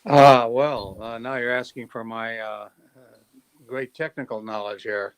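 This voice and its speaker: Man, meeting participant, halting, apologetic, smooth resonant tone. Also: mid-range voice, steady tone. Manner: hesitant, apologetic. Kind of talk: casual chat.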